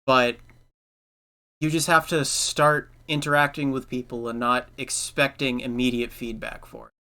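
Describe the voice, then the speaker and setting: A man's voice: mid-range voice, level tone, measured pace, sharp tone. A young man hosting a casual podcast chat, giving earnest advice with lots of filler words. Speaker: podcast host.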